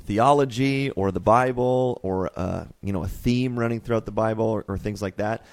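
Laid-back low-voiced man hosting a podcast. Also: moderate pace, no echo. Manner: animated, laughs often, loose and rambling. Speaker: podcast host. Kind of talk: casual podcast chat.

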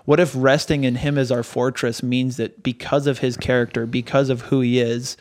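A man's voice: medium pitch, little pitch movement, moderate pace, a little mellow, no echo. A man who preaches, co-hosting a podcast and reflecting aloud in hesitant, thoughtful casual chat. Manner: thoughtful, hesitant restarts, talks through ideas. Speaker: pastor and podcast co-host.

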